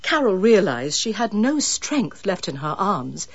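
Husky-voiced woman narrating a story. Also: mid-range voice, very animated, unhurried, no echo, dull audio. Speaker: audiobook narrator. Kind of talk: scripted narration.

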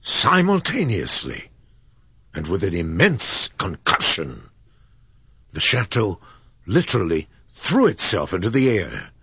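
A man narrating an audiobook with a slow, dramatic storytelling delivery. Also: sits low, huge pitch swings, fairly bright tone, slightly rough, dry recording, highs cut off.

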